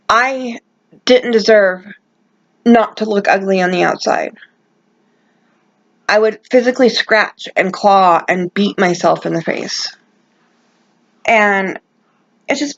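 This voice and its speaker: A woman's voice: medium pitch, vocal fry, dull audio. A woman talking straight to camera in a personal vlog, passionate and emphatic, often restarting her sentences. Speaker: vlogger.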